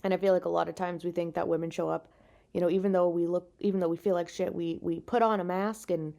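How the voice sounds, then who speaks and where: Lying in bed with only a makeshift mic, this tired podcast host and stand-up comic talks fast in a lowish, mellow voice with a steady tone and vocal fry. Her solo monologue is frank, profane and self-deprecating venting.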